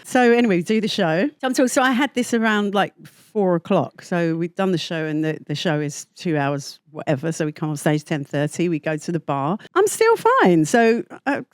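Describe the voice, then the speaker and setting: A middle-aged woman, a guest on a podcast, telling a story in lively casual chat. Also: on the low side, brisk, few pauses, no echo, studio quality. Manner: animated, laughing storyteller. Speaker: guest, backing singer.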